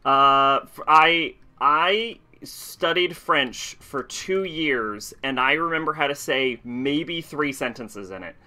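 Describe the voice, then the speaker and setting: A man's voice: a little high, slow, hardly any pauses, pushed and bright. A man streaming a game, talking casually and rambling with frequent laughs. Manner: chatty, rambling, laughs often. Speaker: let's play streamer.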